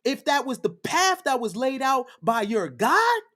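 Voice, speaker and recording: Male livestream host, preachy and fiery, lively swooping pitch, repeats lines for emphasis. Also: a little slow.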